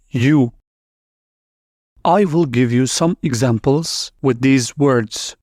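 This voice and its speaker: Man, slow teacher, slightly high voice, dry close sound, repeats words for learners. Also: expressive, a little mellow, dry recording. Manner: repeats words slowly, syllable by syllable; non-native English with small grammar slips. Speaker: language teacher. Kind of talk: slow, deliberate language lesson.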